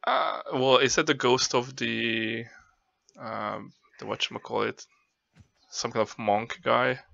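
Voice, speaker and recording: A man's voice: medium pitch, fairly even intonation, slow, creaky, bright, forceful tone, dry recording, highs cut off. A man playing in a tabletop game who recaps past events in a rambling, casual way, full of fillers. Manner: rambling, loose, with many fillers. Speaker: player.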